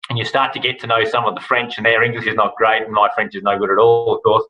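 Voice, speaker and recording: A fast-talking Australian man with a lowish voice and little pitch movement rambles through a relaxed podcast interview, full of fillers and restarts. He's there as a guest and is himself a rally broadcast host; the audio is lo-fi.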